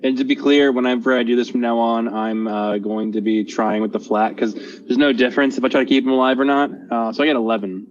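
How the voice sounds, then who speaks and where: A man's voice: mid-range voice, fairly even intonation, quick pace, few pauses, faint music behind. Man, player, dry, matter-of-fact, lo-fi recording. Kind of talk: tabletop game chat. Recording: dull lo-fi audio.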